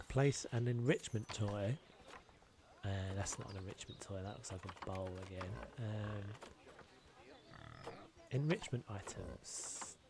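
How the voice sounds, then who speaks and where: A man talking his way through a video game, thinking aloud, muttering to himself and poking fun at himself as he goes. His voice sits on the low side. Mouse clicks and clear background noise run behind him. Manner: muttering to himself, self-deprecating, chatty. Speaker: gameplay video creator. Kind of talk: thinking-aloud gameplay commentary.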